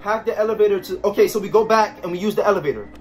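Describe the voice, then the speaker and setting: A man's voice: sits high, rapid-fire, faint music behind. A man commenting while he plays a horror game, jumpy and swearing as he talks to himself. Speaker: gamer playing a horror game. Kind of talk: let's play commentary.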